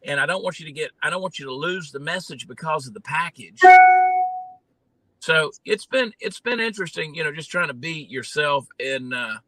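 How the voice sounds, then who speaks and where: A man from Georgia with a Southern accent, telling stories in a folksy, animated way with plenty of fillers as an interview guest. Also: on the high side, dry recording, low-quality recording. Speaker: guest, comedian and candidate. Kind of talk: casual interview talk.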